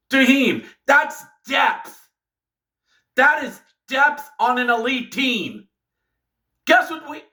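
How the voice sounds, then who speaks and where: Sarcastic male fan, high lively voice, rants and shouts about his team. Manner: exasperated, sarcastic, shouts in bursts. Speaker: hockey fan vlogger. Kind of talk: ranting fan recap.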